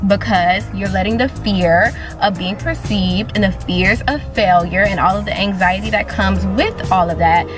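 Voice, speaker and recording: Woman, motivational speaker, mid pitch, pushy and slangy, music bed underneath. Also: moderate pace, few pauses. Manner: urgent, slangy, pushing. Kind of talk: motivational pep talk. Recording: voice over loud background music.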